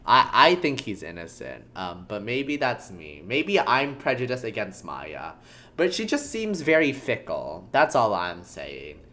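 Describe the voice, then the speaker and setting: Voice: medium pitch, very animated, a little slow, fairly bright tone. A streamer chatting casually while reading a game aloud, giggly and full of fillers.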